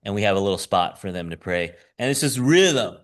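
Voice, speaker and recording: A man's voice: fairly low pitch, lively intonation, fairly quick. A man who teaches school, preaching a conversational sermon with frequent chuckles and "right?" asides.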